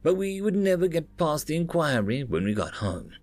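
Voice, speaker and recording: Measured, duty-bound captain, read by a male narrator, slightly raised pitch, dry. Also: very animated, a little mellow, dry recording, faint music behind. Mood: grave.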